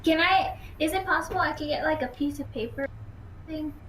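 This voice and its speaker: A woman's voice: sits high, brisk, a bit bright, echoey room, slight background noise, low-quality recording. A woman player in a tabletop game, chatty and tentative as she asks about her moves. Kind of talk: casual chat.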